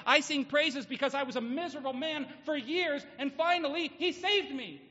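Male pastor, very high and bright voice, earnest emphatic sermon, muffled recording in a reverberant church hall. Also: normal speed, hardly any pauses. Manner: earnest, emphatic preaching with rhetorical questions.

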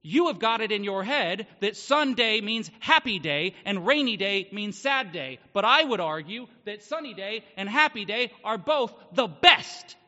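Male pastor, very high and bright voice, earnest emphatic sermon, muffled recording in a reverberant church hall. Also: animated, unhurried, hardly any pauses. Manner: earnest, emphatic preaching with rhetorical questions.

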